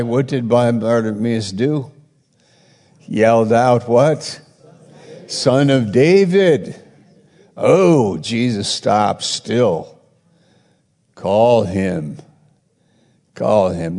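A mid-range-voiced man gives a Bible-teaching sermon, rambling, correcting himself, and becoming more excited as he retells stories. The audio carries a long hall reverb.

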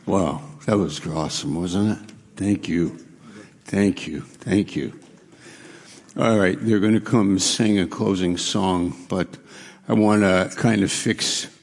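A man closing a church service as pastor, speaking in an appreciative, unhurried way. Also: low-pitched, vocal fry. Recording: distant voice in echoey hall.

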